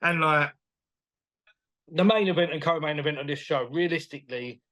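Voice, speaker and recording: A boxing promoter appears as a guest in a casual interview, chatting in a voice on the high side. He's animated and enthusiastic, laughs often, and retells dialogue as he talks.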